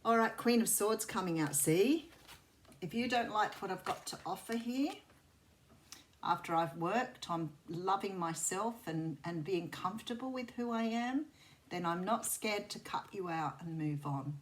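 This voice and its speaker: A woman's voice: medium pitch, animated, measured pace. A middle-aged Australian woman with a soothing voice, giving a chatty tarot reading to camera in a rambling, intuitive way. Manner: rambling and intuitive, with many fillers and restarts. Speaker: tarot reader.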